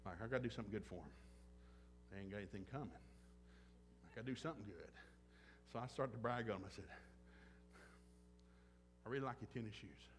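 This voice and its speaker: A man's voice: fairly low pitch, fast, long pauses. Guy preaching in church, blunt and jokey, acts out the dialogue, bit of hum behind him. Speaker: pastor. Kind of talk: sermon with acted-out anecdotes. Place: church service.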